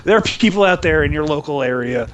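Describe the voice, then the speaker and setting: A man hosting a wrestling podcast, telling stories in an animated, laughing way. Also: a little high, fast, a little hiss or hum. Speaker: podcast host. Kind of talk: casual chat.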